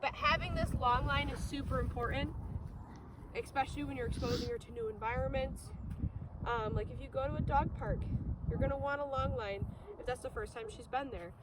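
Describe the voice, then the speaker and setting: A woman's voice: high-pitched, a little fast. A woman dog trainer explaining a training demonstration outdoors in an upbeat, chatty way. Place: outdoors in a field. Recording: loud wind noise, distant outdoor mic.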